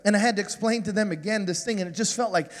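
A man in his forties, a guest preacher telling a self-mocking, animated story in a sermon. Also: high-pitched, fast talker, big-room sound.

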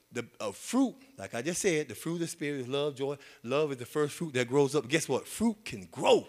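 A man preaching a sermon in a folksy, repetitive way, with many amens and restarts. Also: high voice. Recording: long hall reverb.

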